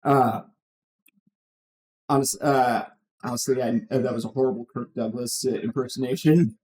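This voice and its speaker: Halting man running a tabletop game. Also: mid-range voice, fairly even intonation, darkish tone. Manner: halting, many filler sounds. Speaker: game master. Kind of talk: casual table chat.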